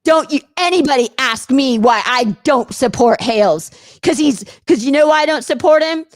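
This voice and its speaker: A woman's voice: sits high, animated, normal speed. An upset woman hosting a live show, ranting with passionate indignation and repeating herself. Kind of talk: live-stream rant.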